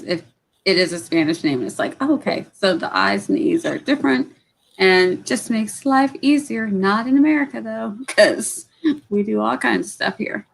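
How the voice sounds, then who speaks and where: A woman with a Southern US accent in a casual chat, agreeable and quick to chime in. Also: mid-range voice, gravelly, fairly bright tone, poor audio. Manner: agreeable, frequent backchannels.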